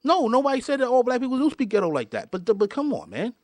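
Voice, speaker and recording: A man's voice: very high-pitched, very animated, fast talker, dry recording, clean studio sound. A man hosting a podcast, delivering a fired-up rant and often repeating and restarting his words. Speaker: podcast host.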